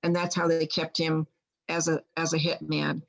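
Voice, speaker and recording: This woman's low-pitched voice is gravelly, with a level tone and normal speed, and the recording is low quality. A guest healer, she tells a long personal story in a casual, rambling way, restarting often and quoting others plainly.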